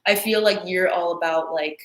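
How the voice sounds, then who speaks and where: A woman's voice: lowish voice, moderate pace. Rambling teasing woman on a live stream, roomy echo. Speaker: astrologer co-host. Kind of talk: casual live-stream chat. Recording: echoey room.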